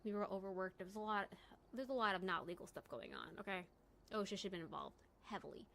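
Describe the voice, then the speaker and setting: A woman's voice: mid-range voice, fast talker, gravelly, fairly bright tone, a little hiss or hum. A young woman hosting a late-night livestream from home, chatting casually and rambling with lots of "like" and "you know". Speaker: livestream host.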